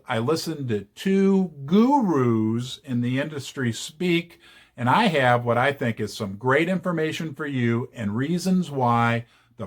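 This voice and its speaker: A man hosting his own channel, giving casual investing commentary with chatty, joking asides. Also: mid-range voice. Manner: chatty and animated, jokey asides. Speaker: channel host.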